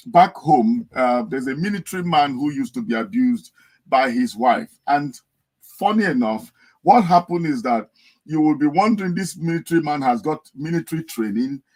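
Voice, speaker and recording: A man's voice: medium pitch, darkish tone, low-quality recording. A man speaking on a podcast, earnest and telling stories to make his point. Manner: earnest, storytelling, acts out a wailing wife. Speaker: guest speaker. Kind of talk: podcast discussion. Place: United Kingdom.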